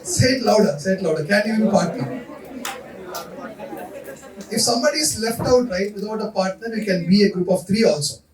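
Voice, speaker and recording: A man leads a workshop in a high, lively voice, coaxing the room and repeating his instructions. He is heard from a distance in a large, echoey hall. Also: fast, hardly any pauses, crowd noise. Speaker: leadership coach running a workshop. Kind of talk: interactive workshop talk to students.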